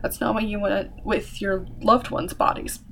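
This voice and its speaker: Young woman, co-host, loose casual storyteller with lots of fillers, mid-range pitch. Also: steady tone, moderate pace, vocal fry, fairly bright tone, slight background noise. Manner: chatty, full of fillers and swearing. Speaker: podcast co-host telling a history story. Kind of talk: casual chat.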